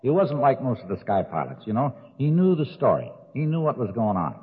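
A man's voice: mid-range voice, very animated, brisk. An older man telling jokes and his drinking story in a folksy way, laughing at his own stories. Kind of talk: recovery talk with jokes. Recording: tinny old recording with long hall reverb.

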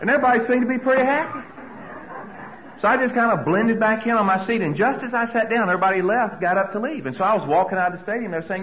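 A man's voice: high-pitched, quick pace, muffled recording. A man speaking to an audience, telling personal stories and acting out his own anxious thoughts. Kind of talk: storytelling talk to an audience.

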